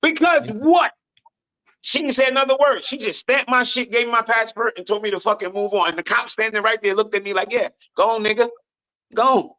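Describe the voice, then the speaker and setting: Loud, high-voiced American man. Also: fast. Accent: American English. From United States. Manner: loud, animated, swears a lot. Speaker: panel guest. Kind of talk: casual storytelling on a podcast panel. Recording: dull lo-fi remote audio.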